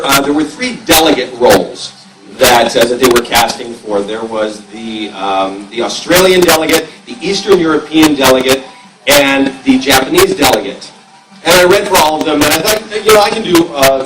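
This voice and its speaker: Steady male panelist in an echoey hall. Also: medium pitch, moderate pace. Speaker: voice actor on a convention panel. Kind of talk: panel storytelling. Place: large convention hall. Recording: echoey hall, far off, loud hiss.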